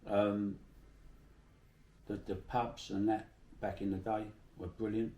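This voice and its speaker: A man's voice: lowish voice, flat delivery, slow, warm tone, echoey room, far from the mic, muffled recording. A middle-aged man from Bermondsey with a South London accent, telling salty stories in a casual interview. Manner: chatty, salty, swears freely while telling anecdotes.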